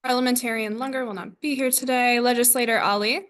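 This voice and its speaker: A woman chairing a student government meeting, reading the agenda and roll call in a brisk, scripted way. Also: fairly high pitch, steady tone, fairly bright tone.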